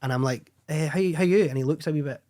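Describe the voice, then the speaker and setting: Fast-talking Scottish man telling stories. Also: fairly high pitch. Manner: animated, swearing anecdotes, laughing often. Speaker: guest filmmaker. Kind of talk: casual storytelling chat.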